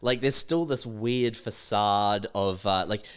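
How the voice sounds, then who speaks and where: A man's voice: on the low side, slow, fairly bright tone, clean tone. A man chatting casually and riffing on a friend's story with joking what-ifs. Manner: riffs on the story with joking hypotheticals. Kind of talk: casual chat.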